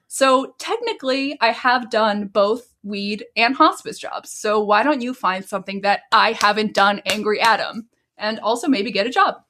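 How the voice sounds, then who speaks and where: A woman's voice: on the high side, expressive, normal speed, hardly any pauses, bright, forceful tone, slight background noise. Woman cohost ranting on a podcast, snarky, swears a lot, laughs between lines. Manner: sarcastic, swearing, laughing rants. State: waiting for an edible to kick in. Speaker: podcast co-host. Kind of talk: casual podcast banter.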